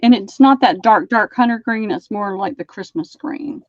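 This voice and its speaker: A woman hosting a live-stream sale, chatting and describing lace items slowly. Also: medium pitch, no room sound, lo-fi sound.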